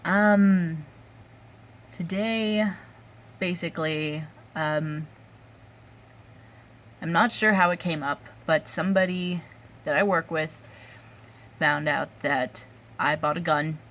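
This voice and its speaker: Angry woman ranting, slow and halting. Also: low voice, steady tone, a bit bright, a little hiss or hum. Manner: angry, swearing, halting with fillers and sighs. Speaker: vlogger. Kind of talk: angry rant to camera.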